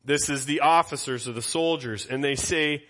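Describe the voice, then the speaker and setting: A man's voice: a little high, normal speed, fairly bright tone. A male pastor giving an expository Bible teaching in a conversational way, putting questions to his congregation.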